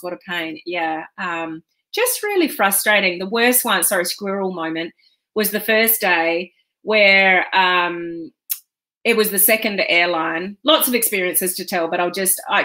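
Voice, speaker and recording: A woman's voice: mid-range voice, bright, forceful tone. A woman business coach hosting a casual live stream, talking in a chatty, rambling way with frequent ums.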